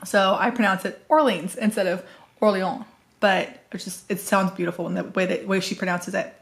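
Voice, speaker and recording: A woman's voice: medium pitch, flat delivery, a little fast, gravelly, fairly bright tone. Chatty American woman book vlogger. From US Northwest. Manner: rambling, chatty, with fillers and self-corrections. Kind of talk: casual chat.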